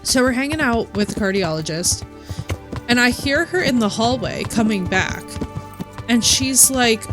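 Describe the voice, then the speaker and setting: Woman streamer, animated casual storyteller, loud game music underneath. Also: mid-range voice, normal speed. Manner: animated storyteller, quotes people in her own voice. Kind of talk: casual chat while gaming.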